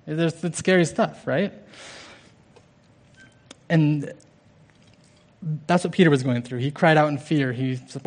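A young man giving an informal, earnest sermon, halting with restarts and fillers. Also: fairly high pitch, fairly even intonation.

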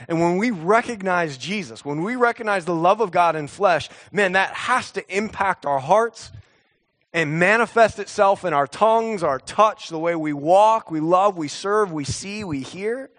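A man in his thirties preaching a sermon, earnest, with emphatic repetitions and drawn-out pauses. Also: sits high, expressive, fairly bright tone. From United States. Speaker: pastor.

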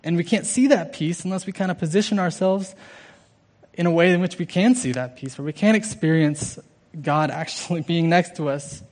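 A young man giving an informal, earnest sermon, halting with restarts and fillers. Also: fairly high pitch, darkish tone.

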